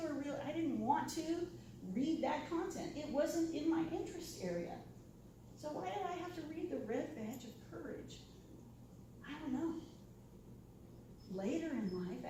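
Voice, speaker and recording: A woman's voice: high voice, background noise. A woman giving an informal talk to a live audience, chatty, often asking "right?" and acting out quoted reactions. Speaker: lunchtime discussion presenter. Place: university room with audience. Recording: very echoey room, voice from far off.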